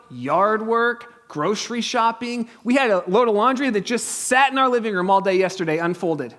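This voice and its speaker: A man in his thirties, a pastor preaching a sermon in a conversational, humorous way, telling stories and dropping to a hush at tense moments. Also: high voice. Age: 30s. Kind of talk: sermon with storytelling. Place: church.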